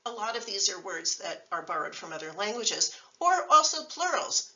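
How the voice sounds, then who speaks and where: Bright-voiced woman teacher, distant dull recording. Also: on the low side, lively intonation, normal speed. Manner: patient, methodical explaining with example words. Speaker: Spanish language instructor. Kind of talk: recorded lecture. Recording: dull lo-fi sound from a distant mic.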